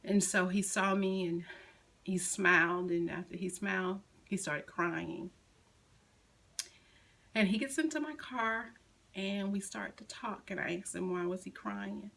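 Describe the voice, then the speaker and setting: A middle-aged mother slowly recounting a painful personal story, at times softly quoting her son. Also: mid-range voice, creaky, poor audio. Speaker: grieving mother. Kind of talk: personal testimony.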